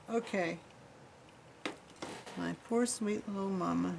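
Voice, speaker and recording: A woman's voice: on the low side, moderate pace, noisy background. Chatty woman demonstrating jewelry crafts. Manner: chatty, rambling, talks while working with her hands. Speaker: jewelry-making instructor. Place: craft workshop.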